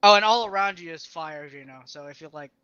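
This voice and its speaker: A man's voice: fairly high pitch, sharp tone, smooth, no echo. Filler-heavy male game master. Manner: halting, filler-heavy describing. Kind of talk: narrating a tabletop game. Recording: dull lo-fi dry recording.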